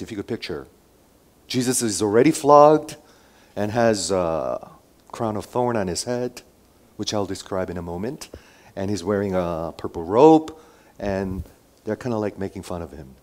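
Man preaching with big swings in volume. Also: on the low side. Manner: dramatic swings between loud emphasis and quiet asides; asks the listeners many rhetorical questions. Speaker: pastor. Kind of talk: sermon.

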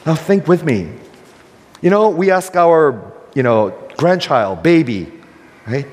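A man's voice: mid-range voice, animated, unhurried, a little mellow, long reverb tail. An older man preaching a sermon as a pastor, emphatic and questioning, often checking in with the listeners.

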